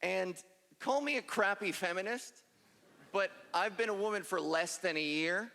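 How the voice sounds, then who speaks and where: In an echoey hall alive with crowd sounds and ambience, a trans woman does a stand-up comedy set, self-deprecating and punchy. Her mid-range voice has vocal fry and a slight brightness, and she keeps a moderate pace.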